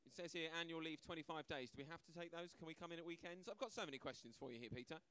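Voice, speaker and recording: A man's voice: a little high, very fast, pushed and bright, smooth. A man performing a stand-up comedy set, brash and conversational, acting out voices and often asking "right?". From Britain. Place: comedy club stage, live audience.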